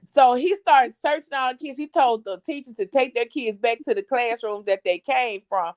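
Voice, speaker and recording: A middle-aged woman hosting a family live show, telling a story in an animated, expressive way. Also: on the high side, moderate pace, few pauses, dry recording. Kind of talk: casual storytelling chat.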